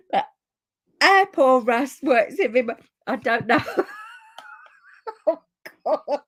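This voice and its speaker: A woman's voice: high-pitched, expressive, takes it slowly, fairly bright tone. A woman in her fifties hosting a live papercraft stream, chatting casually and constantly breaking into giggles. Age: 50s. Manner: giggly, keeps breaking into laughter and apologizing. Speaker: papercraft livestream host. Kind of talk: casual live crafting chat.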